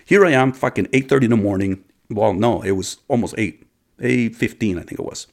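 A man's voice: lowish voice, a little fast, gravelly, a little mellow. A man telling a personal story to his viewers in a rambling, casual way, with many restarts and occasional swearing.

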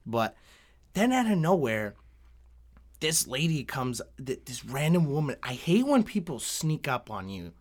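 A young man telling a story in casual chat, swearing often, laughing and getting animated. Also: mid-range voice, unhurried.

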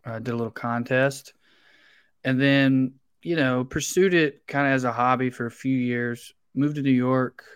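Profane Southern comedian, dry sound. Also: male voice, mid-range voice, fairly even intonation, moderate pace, clear, resonant tone, no room sound. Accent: Southern US (Tennessee). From Tennessee, US. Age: 30s. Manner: candid, profane, storytelling. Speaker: comedian guest. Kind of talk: casual podcast chat.

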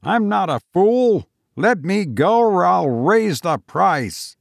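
A man's voice: sits high, sing-song, takes it slowly, vocal fry, no echo, studio quality, pitched above the performer's own voice, heavily acted. A man voicing a broke young schemer with a light, mocking manner.

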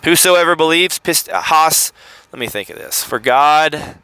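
Bright Southern-accented man explaining casually. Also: a little high, lively intonation, unhurried, creaky, clean tone, dry recording, rough recording. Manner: rambling, self-correcting, with many fillers. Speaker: podcast host. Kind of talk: casual teaching monologue.

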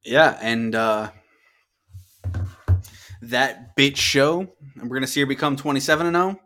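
A young man co-hosts a laid-back podcast and chats about the latest matches. He is loose and profane and builds excitement as he goes. He often keeps talking right over his co-host. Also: mid-range voice, measured pace. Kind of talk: casual wrestling podcast chat.

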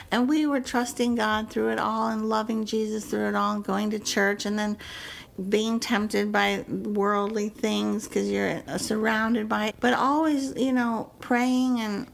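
An older woman telling stories in a casual, lively way, slipping into playful voices now and then. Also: on the high side, a little slow, creaky, slight background noise, low-quality recording. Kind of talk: casual storytelling.

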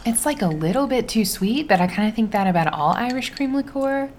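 A woman's voice: fairly high pitch, lively intonation, brisk, a little mellow, slight background noise. A woman co-hosting a podcast in casual chat, joking and dry in her asides. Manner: joking, wry, sarcastic asides. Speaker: podcast co-host.

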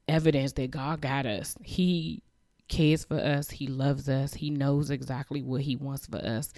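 A woman's voice: rumbling low, warm tone, no room sound, studio quality. A woman hosting a podcast, giving a heartfelt, emotional, faith-based message of encouragement. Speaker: podcast host.

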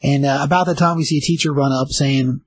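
A man casually recapping a comic book page by page, rambling with lots of fillers and slipping into quick voices for the characters. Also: mid-range voice, steady tone, husky, poor audio.

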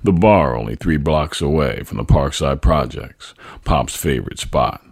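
Male memoir narrator; very low, husky, dry and close. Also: lively intonation, a little slow, no echo. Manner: tender, reflective storytelling. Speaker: podcast host. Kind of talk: memoir reading.

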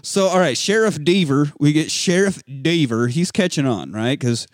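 A man casually recapping a movie with a co-host, profane and animated, acting out characters in sudden shouted voices. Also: fairly high pitch, moderate pace, no echo, studio quality. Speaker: podcast co-host.

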